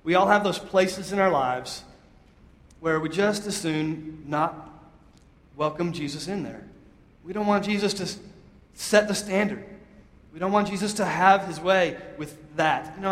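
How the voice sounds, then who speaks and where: A man's voice: sits high, measured pace. A man preaching a sermon as a pastor, emphatic and conversational, leading his congregation in call-and-response. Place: church sanctuary. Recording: echoey hall, long reverb.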